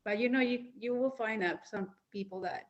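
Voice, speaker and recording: A woman's voice: fairly high pitch, moderate pace, lo-fi sound. A woman who learned English later, speaking hesitantly on a video call and searching for words. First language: not English. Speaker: call participant.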